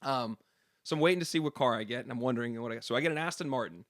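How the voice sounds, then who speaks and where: A man co-hosting a podcast, telling a story in quick, animated casual chat full of slang. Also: mid-range voice, no echo, clean studio sound. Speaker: podcast co-host and sports reporter.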